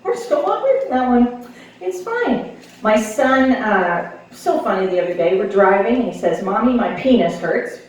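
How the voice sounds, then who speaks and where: A woman's voice: fairly high pitch, lively intonation, moderate pace, darkish tone, a little hiss or hum. A woman in her thirties doing a stand-up comedy set, telling wry, self-deprecating stories and slipping into playful voices for quotes. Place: club stage before a live audience. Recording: echoey room recording, slightly distant.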